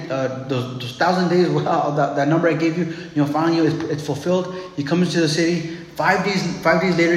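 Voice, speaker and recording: A man preaching a sermon in a loose, conversational way, often calling listeners "man" and restarting his phrases. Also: on the high side. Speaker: pastor. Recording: echoey hall.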